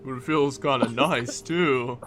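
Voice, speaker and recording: A man's voice: mid-range voice, measured pace, fairly bright tone, slight background noise, natural voice. A man voicing a flustered, clumsy male companion who yelps when startled. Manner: yelping, startled.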